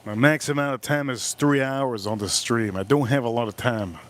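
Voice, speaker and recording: A man's voice: mid-range voice, normal speed. A man hosting a casual live stream while cooking at a grill, talking bluntly and swearing as he gets frustrated. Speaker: livestream host cooking and drinking.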